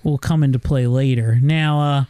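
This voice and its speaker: A man's voice: mid-range voice, fairly even intonation, moderate pace, dark tone, clean tone. A man casually recapping a film on a podcast, rambling and joking with lots of profanity. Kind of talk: casual chat.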